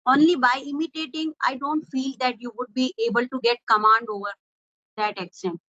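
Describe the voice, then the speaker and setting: A woman's voice: high-pitched, steady tone, fairly quick, sharp tone, no room sound. A woman interviewing a guest in an English-practice conversation, earnestly summing up points and asking questions. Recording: dull lo-fi audio.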